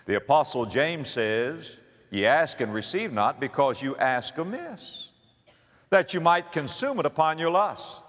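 A man's voice: fairly high pitch, lively intonation, unhurried, a bit bright. Emphatic preacher man in a reverberant hall. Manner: emphatic preacher, building repetition and rhetorical questions. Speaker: pastor. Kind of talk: sermon.

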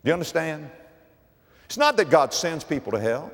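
Male preacher, lively and dramatic delivery, recorded in a reverberant church hall. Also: moderate pace, creaky, long pauses. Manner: dramatic swings from loud high emphasis to low quiet asides. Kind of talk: sermon.

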